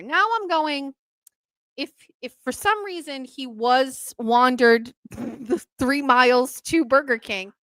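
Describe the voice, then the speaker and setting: Podcast host: New woman, bright, higher voice, animated storyteller who acts out the quotes, dry close mic. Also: dry recording. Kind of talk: casual storytelling.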